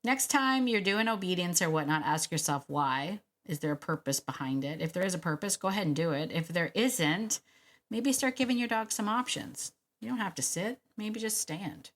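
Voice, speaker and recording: Here a woman hosts her dog-training podcast alone, her expressive voice sitting on the low side. The monologue is chatty and emphatic, peppered with quick restarts and laughs.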